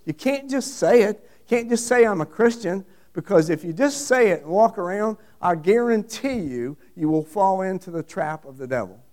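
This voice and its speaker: A man's voice: sits high, animated, moderate pace, few pauses, a little mellow. A middle-aged man preaching a sermon, emphatic and repetitive, asking the congregation questions. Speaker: pastor.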